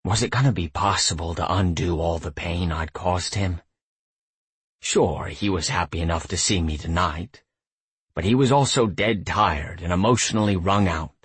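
A man narrating a first-person audiobook in a reflective, tender way with a husky voice. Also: low voice, fairly bright tone, no echo.

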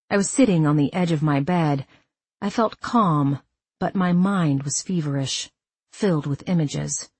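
Female audiobook narrator, low breathy tone, dry close sound, steady first-person reading. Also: dry recording.

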